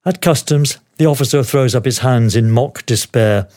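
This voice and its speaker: An older man tells his own adventure story as a podcast host. His telling is wry and dry, with plain, steady narration and a middle-pitched voice. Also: normal speed, few pauses. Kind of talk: memoir storytelling.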